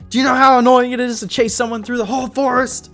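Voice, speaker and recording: A woman's voice: a little high, expressive, moderate pace, a bit bright, soft background music, voice pushed up. A woman voicing a flustered, huffy tsundere female dinosaur monster girl in a read-aloud fanfic. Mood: annoyed.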